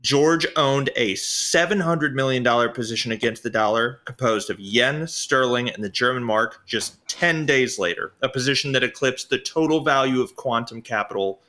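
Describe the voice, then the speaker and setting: Bright-voiced man narrating a podcast. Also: mid-range voice, normal speed, hardly any pauses. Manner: reads prepared script with sarcastic asides. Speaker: podcast co-host. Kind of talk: casual history podcast narration.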